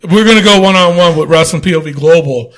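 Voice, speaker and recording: A man's voice: fairly high pitch, fast, heavy background noise. Joking, easygoing male podcast host. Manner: loose, joking, laughs often, swears casually. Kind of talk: casual wrestling podcast chat.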